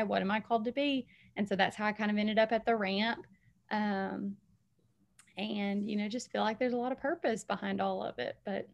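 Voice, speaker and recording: A woman's voice: medium pitch, vocal fry, muffled recording. Earnest woman telling her story. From Alabama, US. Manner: earnest, emotional storytelling with frequent "like" and "um". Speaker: interview guest. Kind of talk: personal faith testimony.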